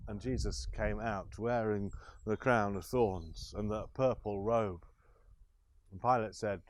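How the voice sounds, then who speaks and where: Slow, low-voiced man retelling scripture. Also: dry recording. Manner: slow, deliberate retelling with small restarts. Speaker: scripture reader. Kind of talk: scripture storytelling.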